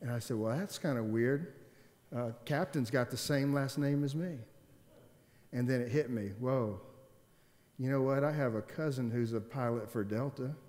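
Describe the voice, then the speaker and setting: A man's voice: mid-range voice, normal speed, a little mellow. A man preaching a sermon and telling a story to make his point, in an earnest, emphatic way. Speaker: pastor. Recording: long hall reverb.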